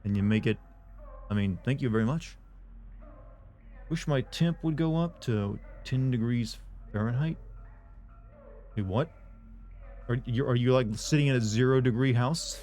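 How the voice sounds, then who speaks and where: A man's voice: medium pitch, measured pace, long pauses, a little mellow. A man on a live game stream chatting casually with viewers, rambling and offhand, with frequent swearing and restarts.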